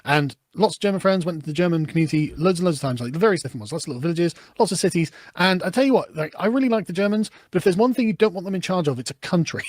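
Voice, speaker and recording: A man's voice: high voice, lively intonation, fast talker, hardly any pauses, no echo, clean studio sound. A man with a British accent reading news clips aloud and reacting with sarcasm and laughter. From Britain. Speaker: political commentator.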